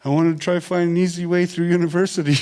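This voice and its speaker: A man's voice: high voice, little pitch movement, fast talker, darkish tone. A man from Manitoba, giving an earnest, plain-spoken personal talk that often repeats its phrases. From Manitoba, Canada. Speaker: invited speaker.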